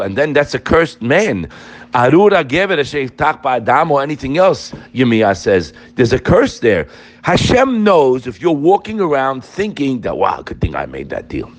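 A man teaching an informal Torah class, emphatic and addressing his listeners directly. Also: medium pitch.

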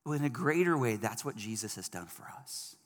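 A man's voice: medium pitch, brisk. Preaching man in a reverberant hall. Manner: animated preaching, swings from loud emphasis to soft. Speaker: pastor. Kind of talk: sermon. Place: church service hall. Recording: long reverb of a large hall.

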